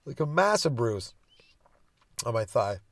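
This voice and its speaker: A man's voice: mid-range voice, very animated, measured pace, a bit bright, dry recording. A young man who is a stand-up comedian telling rambling, profane childhood stories on his own podcast. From Canada. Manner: loose and profane, hopping between goofy bits and stories. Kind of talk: rambling solo podcast storytelling.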